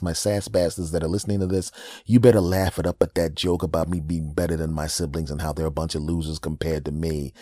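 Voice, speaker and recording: A man's voice: low-pitched, a little mellow, no echo, clean studio sound. A man hosting a podcast, doing a rambling, self-deprecating comedic monologue.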